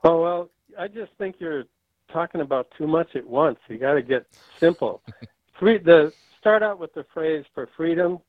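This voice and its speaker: A man's voice: a little high, animated, normal speed, no room sound. A man calling in to a radio show, rambling and hesitant, with many ums, heard over a tinny phone line. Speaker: caller. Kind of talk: phone-in caller.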